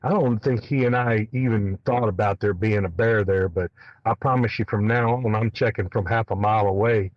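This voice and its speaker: Man, hunting guest, casual storytelling, animated, salty language, dull lo-fi audio, dry sound. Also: on the low side, normal speed, dry recording. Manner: animated, colorful, swears freely. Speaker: guest elk hunter.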